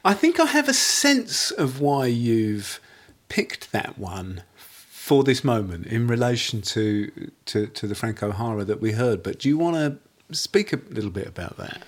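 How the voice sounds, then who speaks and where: A man's voice: mid-range voice, big pitch swings, unhurried. Friendly man co-hosting a poetry podcast. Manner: friendly, encouraging, tentative questions. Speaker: podcast co-host. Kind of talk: casual podcast conversation.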